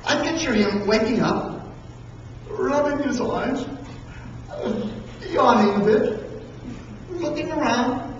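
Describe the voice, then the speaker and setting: A preacher delivering a sermon as dramatic storytelling, with emphatic pauses. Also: high voice, a little hiss or hum. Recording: echoey hall from far off, dull and lo-fi.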